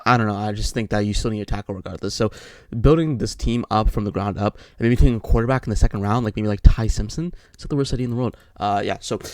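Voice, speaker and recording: A young man talks through his football draft picks in a loose, rambling way, often stumbling and repeating words. His voice sits low and races along quickly. The recording is close and dry. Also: clear, resonant tone, dry recording. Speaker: sports commentator. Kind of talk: casual solo mock draft commentary.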